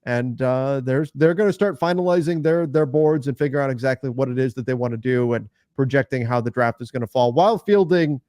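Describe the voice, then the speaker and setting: A man's voice: medium pitch, a little fast, few pauses, a little mellow, dry recording, studio quality. A man co-hosting a casual sports podcast, easygoing with a few hesitant fillers. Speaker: co-host.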